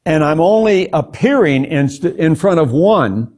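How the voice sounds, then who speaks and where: A man's voice: fairly high pitch, very animated, a little slow, a little mellow. An older man, a guest preacher, telling a personal testimony in an interview, earnest and prone to stumbling over repeated words. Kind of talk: testimony in a talk show interview.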